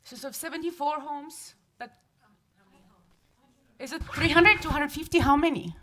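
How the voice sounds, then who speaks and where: A woman's voice: high-pitched, unhurried, bright, forceful tone. A woman in her thirties giving public comment at a council meeting, emotional and pleading, often restarting her sentences. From from another place. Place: city council chamber.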